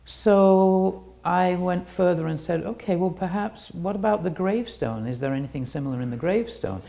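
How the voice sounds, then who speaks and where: Gravelly low-voiced woman giving a talk. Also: moderate pace, dark tone. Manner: rambling, restarting sentences. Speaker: presenter. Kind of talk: illustrated talk with slides.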